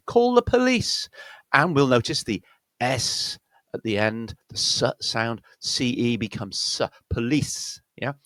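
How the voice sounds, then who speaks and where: A man with a British accent teaching pronunciation, slowing down to spell out words with exaggerated care. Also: lowish voice, vocal fry, a bit bright, no room sound. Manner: slow, exaggerated demonstrations of words. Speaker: accent coach. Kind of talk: pronunciation lesson.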